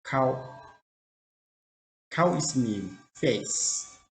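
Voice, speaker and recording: Very slow, deliberate man teaching words. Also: medium pitch. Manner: deliberate, repeats each word, simple broken phrasing. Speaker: language teacher. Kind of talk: slow vocabulary drill. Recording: roomy echo.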